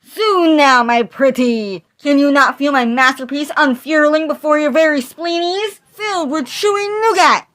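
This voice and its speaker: A woman voicing a manic, grandiose young male comic-strip hero in an amateur fan dub, shouting absurd proclamations. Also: high-pitched, moderate pace, few pauses, pitched above the performer's own voice. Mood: triumphant.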